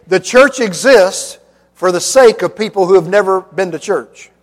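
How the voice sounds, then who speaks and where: A man preaching a sermon as pastor, emphatic and repetitive, mixing in jokes. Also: high-pitched. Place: church sanctuary. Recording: long reverb of a church hall.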